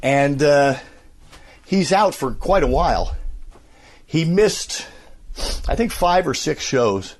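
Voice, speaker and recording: A man, a voice actor and radio host, chatting casually at home while a little out of breath from a cold, telling rambling stories. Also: mid-range voice. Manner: animated, rambling storyteller who slips into impressions. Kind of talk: casual interview chat. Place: at home, walking around.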